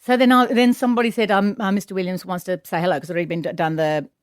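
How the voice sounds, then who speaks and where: A middle-aged woman, a guest comedian, telling an animated story in a radio chat. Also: mid-range voice, racing, clean tone, dry recording, clean studio sound. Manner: animated anecdote telling with acted quotes.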